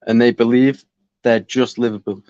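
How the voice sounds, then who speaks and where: A man's voice: mid-range voice, fairly even intonation, normal speed, darkish tone, no room sound, muffled recording. A man from the United Kingdom, chatting as a guest on a live stream, telling stories bluntly and swearing freely. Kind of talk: casual chat as a guest.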